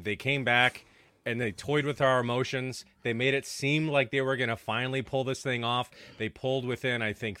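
Male postgame host, bright dry tone, casual and profane. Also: medium pitch, clean tone, no room sound. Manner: loose, swearing, runs the panel. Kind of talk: casual podcast chat.

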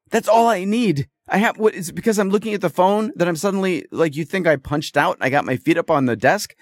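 A man's voice: high-pitched, quick pace, few pauses, no echo, studio quality. A man hosting a podcast, telling a story in a rambling, exasperated casual monologue. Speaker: podcast host.

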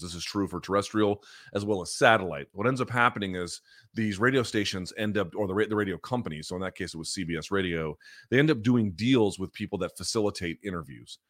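Low-voiced man hosting a casual podcast. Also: fast talker, no echo, clean studio sound. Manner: animated, emphatic, swears freely. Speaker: podcast host. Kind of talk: casual storytelling monologue.

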